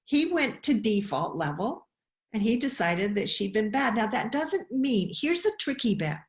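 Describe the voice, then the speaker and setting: A woman giving a webinar talk on child emotions, expressive, often asking questions. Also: a little high, unhurried. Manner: expressive, acts out quoted voices, asks questions. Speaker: webinar speaker. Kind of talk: animated talk. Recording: roomy echo.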